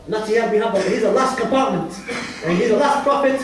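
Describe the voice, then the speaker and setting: A man with a notably high voice tells a religious story to a gathering, voicing each character in turn. He coughs and clears his throat now and then. The recording is very echoey, taken from far across a large hall. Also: brisk. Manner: retells dialogue with shifting pitch, frequent coughs and throat clearing. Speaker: religious teacher. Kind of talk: storytelling lecture.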